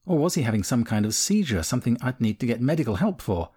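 A man narrating a first-person memoir audiobook in a calm, measured, candid way. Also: mid-range voice, husky.

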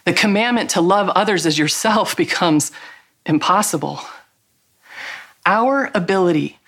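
A woman's voice: lowish voice, lively intonation, measured pace, slightly rough. A middle-aged woman giving a devotional teaching talk, earnest and emphatic, drawing out key words. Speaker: Christian speaker.

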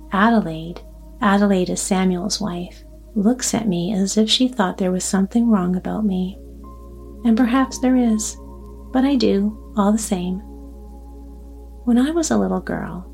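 A woman voicing a talkative, nervous old grandmother on a train, in a soft, mellow voice over quiet music. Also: mid-range voice, creaky, lightly acted. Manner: talkative, fretful, trusting.

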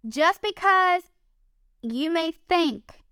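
Woman, devotional speaker; unhurried, upbeat, earnest delivery. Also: extremely high pitch, expressive, pushed and bright, no echo, clean studio sound. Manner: earnest, upbeat, chatty, addresses listeners as guys. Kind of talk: encouraging devotional talk.

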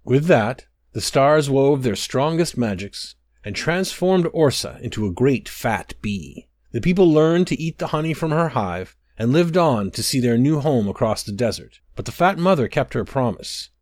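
A man giving a measured, expressive scripted storybook narration. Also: mid-range voice, no room sound, studio quality.

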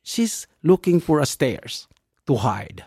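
A man in casual conversation recounts a personal story in a slightly high voice, with many fillers and restarts. He speaks English as a non-native speaker and jumps up in pitch when he acts out what people said. The recording is dry, with no room sound. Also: takes it slowly, creaky, slightly rough, no echo. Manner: acts out quoted dialogue with lively jumps in pitch.

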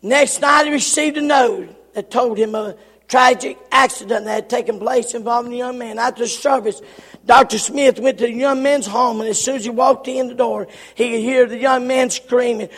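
A man preaching a sermon in a church, his delivery swinging from shouts to near-whispers. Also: very high voice, steady tone, normal speed. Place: church sanctuary. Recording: long hall reverb.

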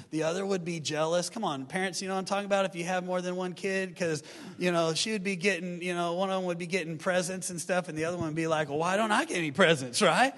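A middle-aged man preaching from the pulpit in a high, bright voice that rings through a big reverberant hall. He keeps the congregation engaged with animated, playful asides, and soft music plays underneath. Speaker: pastor. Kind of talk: sermon. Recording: long hall reverb, faint music behind.

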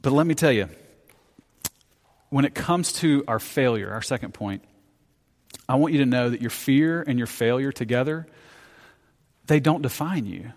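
Male pastor, animated storytelling sermon, mid pitch, long church reverb. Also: normal speed, pauses often. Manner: animated storytelling preacher, self-deprecating humor. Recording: reverberant hall.

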